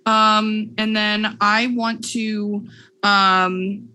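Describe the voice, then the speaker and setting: A woman's voice: mid-range voice, flat delivery, drawn-out words, bright, forceful tone. A woman playing a tabletop game, chatting casually and asking the game master questions. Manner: chatty, asks questions in turn. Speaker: player.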